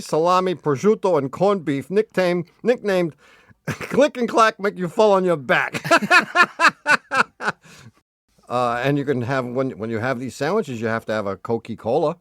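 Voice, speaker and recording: A man's voice: high-pitched, fairly bright tone, no echo, clean studio sound. A man with a Boston accent co-hosting a radio call-in show, joking, teasing and laughing a lot. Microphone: studio mic.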